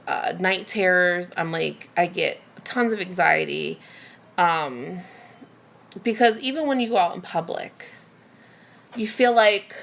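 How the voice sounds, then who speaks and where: Frustrated woman venting with vocal fry. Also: medium pitch, a bit bright. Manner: emotional, venting, many fillers and restarts. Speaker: vlogger. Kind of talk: candid personal rant to camera.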